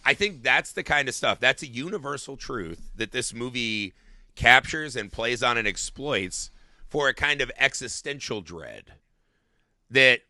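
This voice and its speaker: A middle-aged man co-hosting a podcast in casual, animated chat, swearing and laughing as he acts out quotes. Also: medium pitch, unhurried, no room sound, studio quality. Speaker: podcast co-host.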